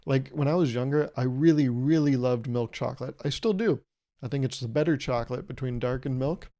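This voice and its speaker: A man in his twenties hosts a solo podcast monologue, rambling, joking, swearing freely and acting out little quoted exchanges. His voice is medium-pitched with a dark tone, and he talks fairly quickly.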